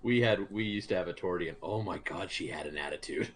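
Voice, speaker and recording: A man with a very low voice chatting bluntly with friends, swearing freely. A faint hum of room noise sits under him. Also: quick pace. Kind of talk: casual chat.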